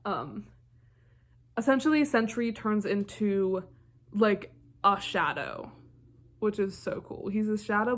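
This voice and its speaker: A young woman casually recapping a film's plot in a rambling, enthusiastic way, full of fillers. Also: medium pitch. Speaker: film reviewer.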